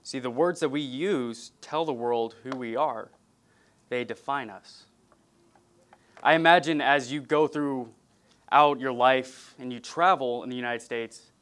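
A man from California preaching an earnest, measured sermon to his congregation, with a touch of light humor. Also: medium pitch, a bit bright. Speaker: pastor.

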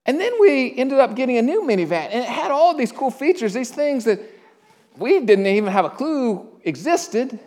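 A middle-aged pastor preaching a sermon, conversational, with frequent stammered restarts and questions to the congregation. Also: male voice, very high voice, sing-song, a little mellow. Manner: asks the congregation questions and pauses for answers.

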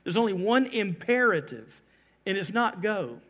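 A man preaching a sermon as pastor, slowing down and lifting his voice to stress key phrases. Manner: animated preaching, slows down for emphasis and rises in pitch.

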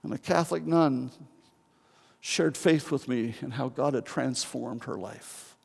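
A man's voice: sits high, vocal fry, in a large hall. An older man preaching an earnest, heartfelt sermon as pastor, with pleading repetitions.

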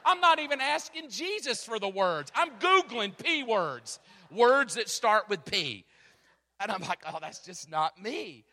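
A middle-aged male pastor preaching in a church, telling stories with animated, self-mocking energy. His voice sits high and bright. A long reverb from the sanctuary trails his words. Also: measured pace. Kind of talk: sermon.

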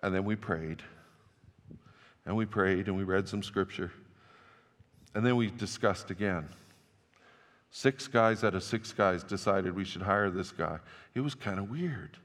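A man's voice: sits low, unhurried, long pauses, fairly bright tone. A man preaching a sermon as pastor, telling stories in a loose, conversational way with restarts. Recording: long church-hall reverb.

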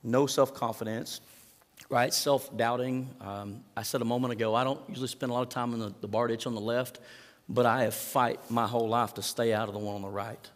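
A male pastor with a twang delivers a conversational sermon, pitched right in the middle for a man. He jumps into the quoted lines with a sudden lift in voice and volume, then drops back to a plain, confiding tone. The sound carries a long hall reverb, as if heard in a big church. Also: brisk. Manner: animated storytelling, acts out quoted lines with rising pitch and volume.

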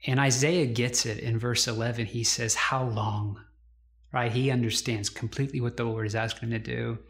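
A man's voice: medium pitch, fairly even intonation, vocal fry. Earnest male pastor preaching conversationally. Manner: earnest, conversational preaching with slowed, emphatic quotations. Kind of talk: sermon.

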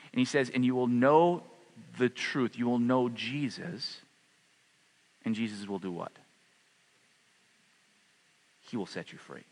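A man preaching a sermon as pastor, passionate at the peaks and soft and low in prayer. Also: big-room sound. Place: church hall.

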